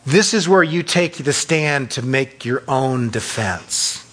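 A man preaching a sermon as pastor, acting out quick voices of the accuser and of self-righteous churchgoers. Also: mid-range voice. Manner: acts out voices of Satan and churchgoers, animated.

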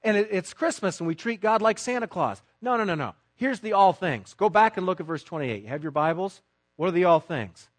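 A man preaching a sermon to his congregation with emphatic stresses and quiet asides. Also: high-pitched, very animated, fairly quick, dry recording. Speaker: pastor.

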